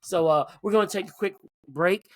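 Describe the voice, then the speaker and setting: Animated male sports podcast host. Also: sits high, normal speed, dry recording, studio quality. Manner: animated, profane, fan-like rants. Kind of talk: casual sports talk.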